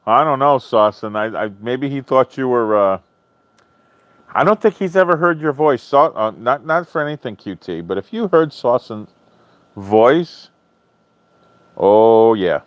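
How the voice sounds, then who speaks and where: A man hosting a live stream in casual chat, answering viewers' comments in a chatty, animated way, swearing freely and often laughing. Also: mid-range voice, measured pace, dry recording. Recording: dull lo-fi stream audio, dry.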